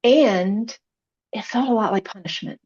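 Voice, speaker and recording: A woman's voice: mid-range voice, a little slow, darkish tone, husky, lo-fi sound. A woman podcast guest, a chaplain, telling her personal faith story in an earnest, emotional way.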